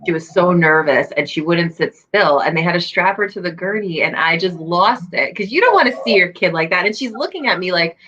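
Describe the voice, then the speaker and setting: A woman in her thirties from Long Island chats candidly as an interview guest. Her voice is low in pitch but bright and forward, and the audio sounds slightly muffled and lo-fi. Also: lively intonation, fairly quick, few pauses, a little hiss or hum. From Long Island, New York. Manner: candid and chatty, laughs easily. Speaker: guest, business owner. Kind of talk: casual interview chat.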